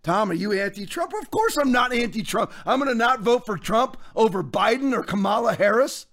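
A man hosting a political commentary podcast, fiery and preacher-like, often breaking into shouts. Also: sits high, lively intonation, fairly quick. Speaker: podcast host.

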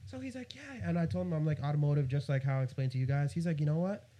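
Young guy from new york telling a story, mellow tone, does the other people's voices. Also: a little high, racing. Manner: animated, quotes others in a raised voice. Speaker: guest photographer. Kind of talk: casual storytelling.

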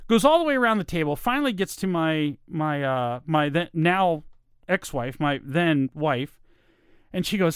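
A man with a Southern American accent chats at his computer in a casual, self-deprecating way. His voice sits a little high and comes through smooth and crisp, with a dry sound close to the mic. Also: lively intonation, moderate pace, no echo. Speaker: vlogger. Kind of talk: casual monologue. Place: at home in front of a computer.

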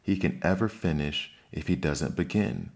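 A polite, curious young girl, read by a man who lifts his voice a little in a storybook audiobook. She asks careful questions with a prim edge, over a still very deep reading voice. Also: lively intonation, moderate pace, vocal fry, full character voice. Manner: polite, inquisitive, slightly indignant.

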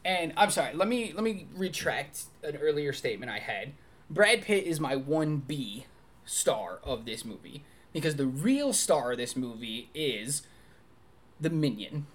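A podcast co-host reviewing a movie in casual chat, talking in an animated, enthusiastic way with quick asides. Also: mid-range voice, breathy edge.

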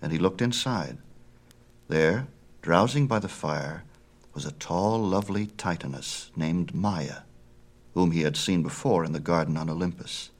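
A man narrating a storybook myth in a measured, expressive way. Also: deep voice. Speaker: audiobook narrator.

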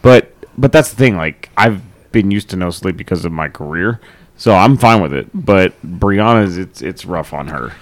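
A man's voice: deep voice, animated, normal speed. A man co-hosting a podcast chat, crude and boisterous in his talk. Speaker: podcast co-host. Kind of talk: casual chat.

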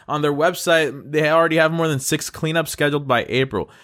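A man's voice: on the high side, a little fast, fairly bright tone. Earnest, encouraging male podcast host. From North Carolina. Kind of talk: upbeat good-news podcast monologue.

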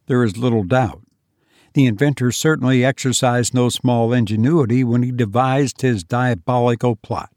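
Measured man narrating an audiobook. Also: medium pitch, a little mellow, no room sound, studio quality.

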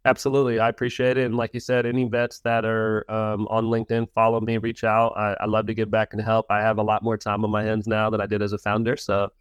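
A man's voice: on the low side, completely flat delivery, fast, hardly any pauses, smooth, no echo, clean studio sound. A man in his thirties from the United States, a podcast guest speaking earnestly and reflectively about setbacks, often restarting his words. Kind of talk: reflective interview talk.

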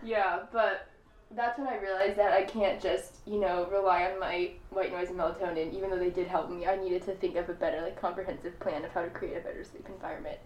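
A young woman hosting a podcast, chatting casually and telling lively stories with frequent laughter. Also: fairly low pitch, a little fast. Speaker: podcast host. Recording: roomy echo.

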